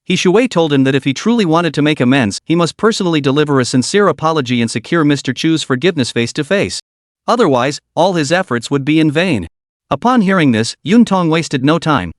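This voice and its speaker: A male narrator with a fairly high voice that swings widely in pitch, reading a scripted story recap with dramatic flair. The sound is close and dry, with no room around it. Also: dry recording.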